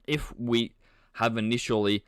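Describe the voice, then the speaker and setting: A man hosting a live trading stream, talking casually and playfully as he answers chat with frequent halting restarts. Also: mid-range voice, steady tone, clear, resonant tone, dry recording, clean studio sound. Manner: chuckles often, halting restarts. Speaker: trading livestream host. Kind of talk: casual live market commentary.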